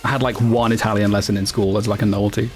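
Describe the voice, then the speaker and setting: A man's voice: lowish voice, little pitch movement, rapid-fire, faint music behind. A man streaming casually, chatting with viewers in a rambling, self-correcting way and laughing often. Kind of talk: casual livestream chat, answering viewers.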